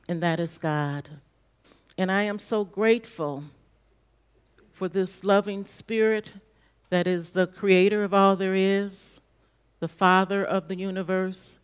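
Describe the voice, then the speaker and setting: A woman's voice: medium pitch, clear, resonant tone. A woman in church leading a spoken gratitude prayer, meditative and repetitive.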